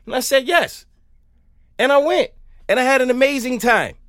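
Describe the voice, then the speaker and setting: High-voiced man, lively podcast rant. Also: quick pace, dry recording, studio quality. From Southern United States. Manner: animated storytelling, sings snippets of songs. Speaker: podcast host. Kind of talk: casual comedic monologue.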